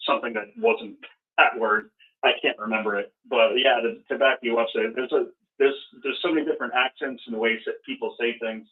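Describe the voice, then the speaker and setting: A man from Rhode Island with a Rhode Island accent, rambling in a casual group chat with many fillers. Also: medium pitch. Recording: tinny phone-like call audio.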